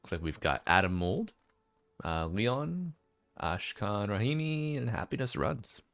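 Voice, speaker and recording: Laid-back deep-voiced male caster. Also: very animated, a little slow, creaky, a bit bright, no room sound. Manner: chatty, laid-back, reads out chat names. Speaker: esports caster. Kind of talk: casual live-stream commentary.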